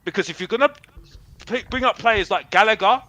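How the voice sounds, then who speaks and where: A young man rants defiantly as a caller on a football fan show, circling back to the same points again and again. His voice sits high and bright. The sound is close and dry, with no room around it. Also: fairly quick, no room sound, poor audio. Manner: repetitive, defiant, says bruv a lot. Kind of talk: heated fan rant.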